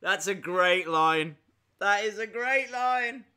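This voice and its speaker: A man giving casual live reactions as a streamer, chatty with excitable, jokey asides. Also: high voice, slow pace, clear, resonant tone.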